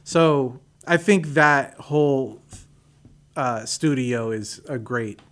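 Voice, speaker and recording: A man's voice: mid-range voice, fairly even intonation, slow pace, fairly bright tone. A man as a guest on a radio show, chatting casually with hesitant restarts.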